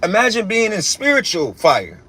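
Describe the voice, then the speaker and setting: A man's voice: sits high, wildly swooping pitch, moderate pace, a bit bright, slightly rough. A young man giving a casual spiritual rant as a religious teacher, emphatic and profane, repeating himself and restarting often.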